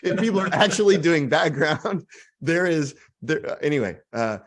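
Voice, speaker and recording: A man in his forties from Texas with a Texan accent, an author answering interview questions in animated, self-deprecating stories. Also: fairly high pitch, normal speed. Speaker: author guest.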